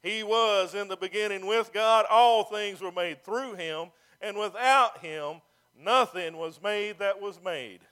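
A man's voice: high voice, takes it slowly, pushed and bright, clean tone. A man preaching a sermon as pastor, building to emphatic calls and stretching out key phrases.

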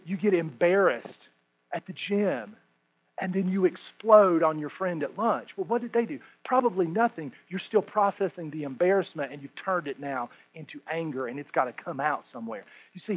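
A man in his thirties, a pastor, preaching a sermon to a congregation, swinging between hushed and loud delivery. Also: fairly high pitch, expressive, moderate pace. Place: room with a congregation. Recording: muffled lo-fi recording.

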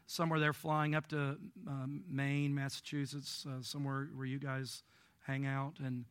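A man preaching a sermon as a pastor, in a conversational way with humorous asides, swinging between emphatic and quiet delivery. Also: medium pitch, level tone, unhurried, clear, resonant tone, no room sound. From Illinois.

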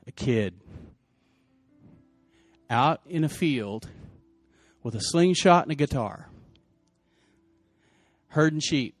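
A male pastor preaching a sermon, telling the story in lively, casual slang and acting out the people's lines. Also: a little high, slow pace, pauses often, dry recording, faint music behind.

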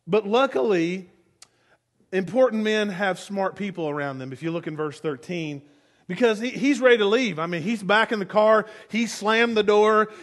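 A male pastor preaching a sermon in a relaxed, storytelling way. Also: high-pitched, moderate pace.

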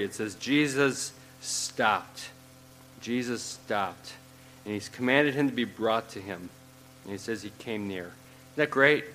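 A man's voice: mid-range voice, fairly bright tone, slight background noise, poor audio. Conversational male pastor preaching. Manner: conversational, with many fillers and repeated phrases. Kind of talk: sermon.

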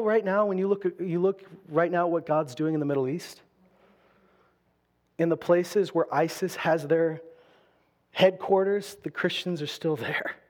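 Man, high voice, sermon, dynamic preaching, loud bursts and hushed lows. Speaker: pastor.

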